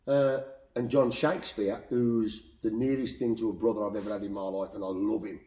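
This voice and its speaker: A boxing coach with a Black Country accent, telling heartfelt stories in an animated, repetitive way as a podcast guest. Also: male voice, on the low side, brisk. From Black Country, England. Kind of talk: emotional storytelling in conversation. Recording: roomy echo.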